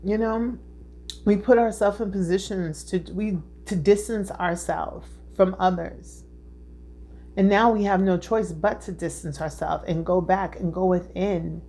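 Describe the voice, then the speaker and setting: A woman's voice: mid-range voice, fairly even intonation, a little slow, warm tone. Earnest woman giving a tarot reading. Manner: repetitive, earnest, keeps checking in with "okay?"; emotional, heartfelt. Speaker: tarot reader.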